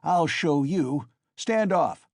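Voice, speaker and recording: A man shouting as a brutal drunken peasant. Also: a little high, animated, slow pace, no echo, clean studio sound, pitched above the performer's own voice. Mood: furious. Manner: ferocious, frantic shouting. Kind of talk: audiobook character voice.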